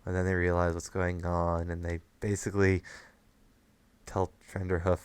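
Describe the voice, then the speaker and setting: Podcast host, male, low pitch, dry close sound, chatty recap with frequent laughs. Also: completely flat delivery, normal speed, smooth, dry recording. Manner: laughs often while recapping. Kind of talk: casual chat.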